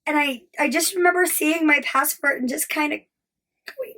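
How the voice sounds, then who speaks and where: A high-pitched American woman in her thirties speaks straight to her viewers. She recounts her past with raw, candid emotion and swears freely. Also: normal speed, pushed and bright. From United States. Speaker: travel vlogger. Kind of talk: emotional storytelling.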